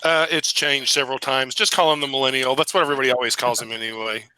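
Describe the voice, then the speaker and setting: A man plays a tabletop game in a bright, tense voice. He talks casually and often restarts his sentences. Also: mid-range voice, steady tone, quick pace, clean tone, rough recording. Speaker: player.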